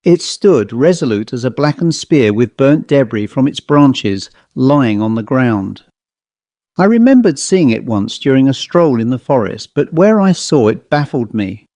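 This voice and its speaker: An English man narrates a first-person ghost story, measured and descriptive. His voice is mellow and warm at a middling pitch. The recording is dry and close, like a home audiobook. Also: no echo. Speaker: author reading his own story.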